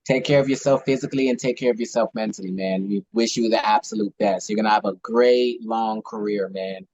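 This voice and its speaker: A man's voice: lowish voice, steady tone, a little fast, gravelly, darkish tone, dry recording. A man interviewing a guest over a video call, upbeat and thankful, often calling him "man". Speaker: podcast interviewer. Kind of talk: friendly interview questions. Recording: dull, dry video call audio.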